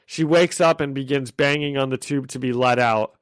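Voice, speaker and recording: A man co-hosting a podcast, excitedly recapping a comic issue in casual chat, thinking aloud and laughing easily. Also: medium pitch, normal speed, clear, resonant tone, dry recording. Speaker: podcast co-host.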